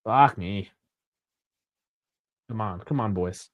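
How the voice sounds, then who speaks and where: A young man hosting a live football watch-along, chatty and rambling, swearing freely and bursting into shouts at big chances. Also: fairly low pitch, slow, no echo, studio quality. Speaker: live stream host.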